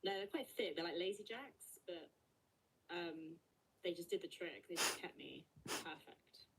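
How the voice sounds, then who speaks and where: Woman, bit low voiced, rambly student going off on tangents. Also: animated, unhurried, a bit bright, a little hiss or hum, rough recording. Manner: rambling, goes off on tangents, laughs easily. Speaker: co-host student. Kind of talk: casual live lesson chat.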